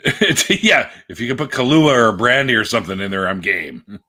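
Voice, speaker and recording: A man's voice: mid-range voice, animated, moderate pace, sharp tone. A man hosting a casual video chat, telling profane jokey stories and acting out the other voices. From Canada. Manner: joking, profane storyteller who acts out voices. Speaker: host.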